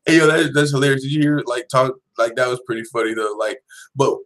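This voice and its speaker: A man's voice: mid-range voice, fast, fairly bright tone. A man hosting a casual fight-news live stream, talking slangy and profane as he reacts to viewer comments. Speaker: MMA news show host.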